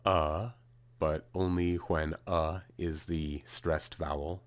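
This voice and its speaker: Very deep-voiced man explaining casually. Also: fairly even intonation, takes it slowly. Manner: casual, thinking aloud, fillers and restarts while sounding out runes. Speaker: video creator explaining a rune spelling system.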